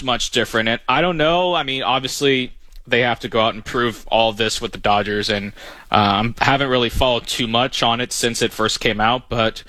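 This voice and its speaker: A man co-hosting a casual sports talk show, explaining in a measured way with fillers. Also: medium pitch, sharp tone, dry recording. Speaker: podcast co-host.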